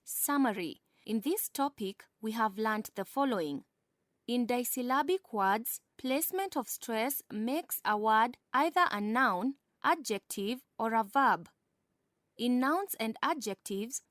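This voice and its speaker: Clear, high-voiced woman narrating a lesson. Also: animated, fairly bright tone, dry recording, studio quality. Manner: measured, instructional.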